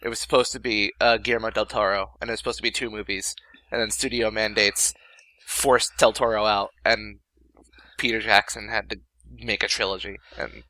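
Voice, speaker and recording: Bright, dry-miked young man, halting talk. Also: lowish voice, level tone, no room sound, low-quality recording. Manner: halting, stammers and restarts, laughs at himself. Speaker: commentary co-host. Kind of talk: casual movie commentary chat.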